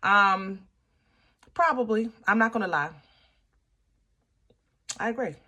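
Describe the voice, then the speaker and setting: A woman with a bright, ringing voice gives a casual tarot reading on camera. She talks like a preacher giving testimony and keeps checking in with her listeners. She often breaks the weight with playful asides. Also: medium pitch, slow. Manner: preachy and testifying, checks in with "okay?" and "you understand?"; playful asides and laughter between serious points. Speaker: tarot reader.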